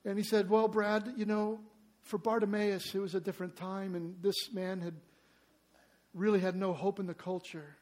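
Emphatic high-voiced male pastor preaching. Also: level tone, normal speed. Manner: emphatic, rhetorical questions to congregation; acts out quoted cries loudly. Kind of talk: sermon.

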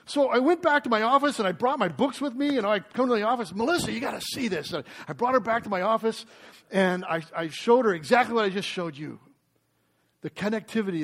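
A man preaching a sermon, telling a story with animated energy and then teaching through scripture passages. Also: high voice, breathy edge. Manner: quotes scripture, quick asides. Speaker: pastor.

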